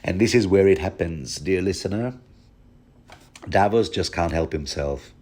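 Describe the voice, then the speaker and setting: A man with a fairly low voice hosting a podcast of book commentary. He talks in a loose, chatty way, cracking jokes and wandering into asides. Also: unhurried, a little mellow. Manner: jokey, chatty, full of asides. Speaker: podcast host. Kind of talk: casual chapter commentary.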